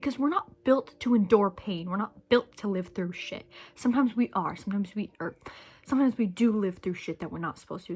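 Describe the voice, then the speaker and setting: A woman's voice: medium pitch, a little fast, a little mellow, slightly rough. A young woman talking to camera in a rambling, emotional way, sometimes dropping to a whisper and chewing candy as she speaks. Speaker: vlogger. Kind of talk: casual reflective monologue.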